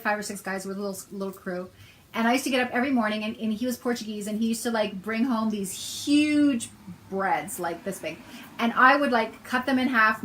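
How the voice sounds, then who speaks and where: A woman's voice: on the high side, fairly bright tone, a little hiss or hum, poor audio. A middle-aged woman talking casually to her viewers, telling a personal story in a chatty way with a sarcastic edge. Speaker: self-help author and host.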